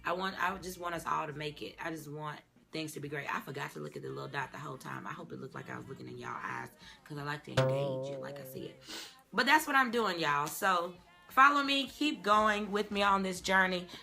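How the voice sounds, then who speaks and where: A young actress and singer with a Southern US accent chats casually and animatedly to the camera, dropping "y'all" and "child." Her voice is low and creaky and she talks fairly quickly, with music playing in the background.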